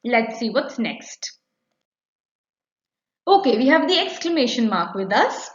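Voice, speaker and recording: A woman teaching a grammar lesson to young children online, lively and encouraging, often checking in with the kids. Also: a little high, measured pace. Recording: echoey, slightly dull recording.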